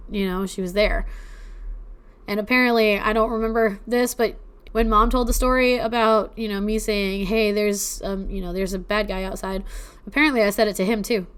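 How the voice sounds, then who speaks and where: A woman's voice: mid-range voice, clear, resonant tone. A young woman casually telling personal ghost stories on a podcast, emotional and teary-eyed at times, chatting with plenty of fillers.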